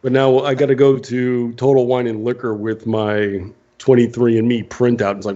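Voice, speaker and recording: A man's voice: medium pitch, level tone, normal speed, warm tone. A man co-hosting an online radio show, joking sarcastically about politics in casual banter. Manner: sarcastic, mocking. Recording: dull lo-fi online radio audio.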